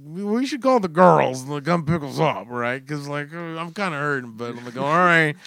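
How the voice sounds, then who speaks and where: A man's voice: on the high side, animated, moderate pace, gravelly, a bit bright. A man in his forties telling a story in casual chat, swearing freely and acting out the voices in his own mishap. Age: 40s.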